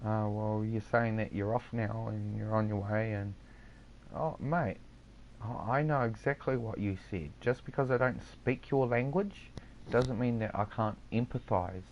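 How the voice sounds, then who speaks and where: A man's voice: on the low side, a little slow, dull audio, slight background noise. A man with a New Zealand accent chatting casually over game voice chat, handing out easygoing advice and calling people mate. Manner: laid-back, advice-giving, says "mate" a lot. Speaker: gamer chatting with other players.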